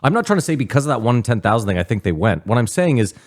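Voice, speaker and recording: A man co-hosting a podcast in casual comedic chat, animated and quick to slip into voices. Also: medium pitch. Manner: animated, slips into put-on voices and laughs often.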